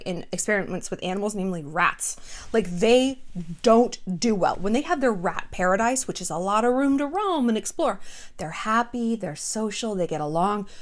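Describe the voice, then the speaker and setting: A woman vlogger talking casually to her viewers in an animated, gossipy way, blunt and a little profane, with lots of "like.". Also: medium pitch. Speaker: vlogger host. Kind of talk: casual chatty commentary. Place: small city apartment.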